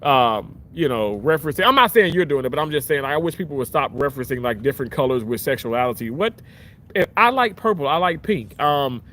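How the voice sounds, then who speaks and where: A livestream host, a man, chats casually outdoors near the water while holding his phone at arm's length. He reads comments aloud and rambles, restarting often, his pitch jumping suddenly when he gets excited. He talks a little fast.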